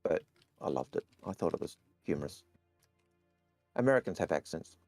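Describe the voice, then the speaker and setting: A man's voice: extremely low pitch, expressive, moderate pace, darkish tone, dry recording, soft background music. A man co-hosting a casual Q&A, reading out viewer questions and chatting, often repeating words as he starts his sentences. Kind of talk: casual Q&A chat.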